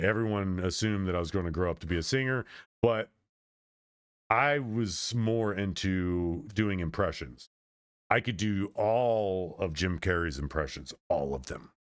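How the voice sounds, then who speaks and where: Low-voiced man rambling casually. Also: no echo, studio quality. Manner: meandering, with frequent restarts and trailing off. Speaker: streamer.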